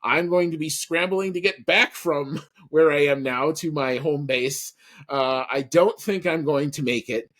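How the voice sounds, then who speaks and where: A man co-hosting a podcast speaks a little slowly in a slightly high, fairly bright voice. His casual talk wanders, full of fillers and restarts.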